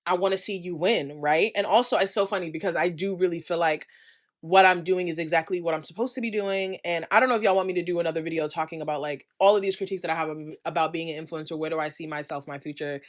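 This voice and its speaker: A young American creator and vlogger talks directly into her camera in a candid vlog, ranting passionately in a slightly low, steady-toned voice. Quick asides help her emphasize her points.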